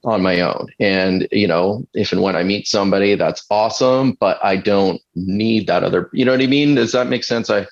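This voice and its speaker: A man who works as a fitness coach, chatting casually on a podcast, full of restarts and fillers and laughing now and then. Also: fairly low pitch. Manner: halting, many restarts and fillers; laughs now and then while telling stories. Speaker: fitness coach and retreat leader. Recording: dull lo-fi sound.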